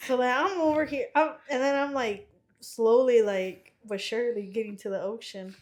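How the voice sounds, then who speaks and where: A young woman co-hosting a podcast, telling embarrassing stories in animated casual chat, swearing often and laughing as she goes. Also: a little high, normal speed. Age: young adult. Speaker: podcast co-host, youngest sister.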